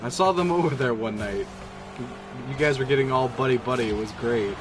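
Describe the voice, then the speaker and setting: A man streaming live gameplay commentary, excitable and sarcastic, breaking into laughter and yelps. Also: medium pitch, fairly quick, music in the background. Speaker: gaming streamer.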